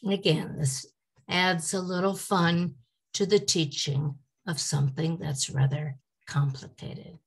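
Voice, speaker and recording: Slow, gravelly woman teaching English. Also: fairly low pitch, fairly even intonation. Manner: deliberate, models example questions aloud. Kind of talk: slide-based teaching lecture.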